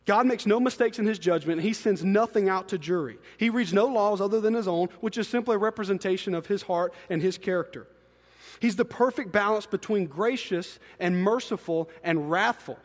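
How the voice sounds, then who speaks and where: A man preaching a sermon, animated, swinging between hushed asides and loud emphatic peaks. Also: high voice, a little fast. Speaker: pastor. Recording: long reverb in a large hall.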